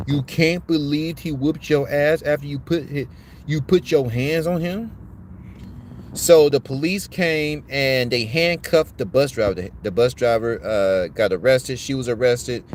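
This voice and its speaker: A man's voice: mid-range voice, unhurried, slight background noise. A man hosting a commentary podcast, giving a blunt, profane, preachy rant.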